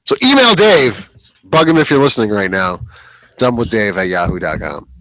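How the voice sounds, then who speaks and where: A man's voice: on the low side, very animated, normal speed, fairly bright tone, no room sound. A man co-hosting a podcast, telling rambling stories in casual chat and laughing often. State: hiccuping.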